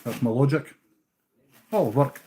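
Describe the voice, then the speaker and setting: A man's voice: mid-range voice, expressive, unhurried, warm tone. A Scottish man hosting a live stream, chatting casually with viewers as he ties fishing flies, easygoing and now and then swearing. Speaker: livestream host tying fishing flies. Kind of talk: casual live-chat while working.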